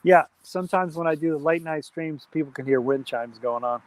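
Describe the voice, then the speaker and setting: A man with a slightly high voice talks fairly quickly while hosting an outdoor campfire live stream. He chats casually, reads viewer comments aloud, and gives friendly shout-outs.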